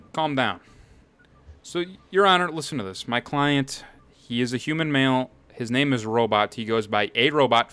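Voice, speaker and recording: A man's voice: medium pitch, fairly bright tone, no room sound. A man streaming a courtroom game, arguing in a brash, rambling way as a defense lawyer. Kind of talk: improvised role-play banter.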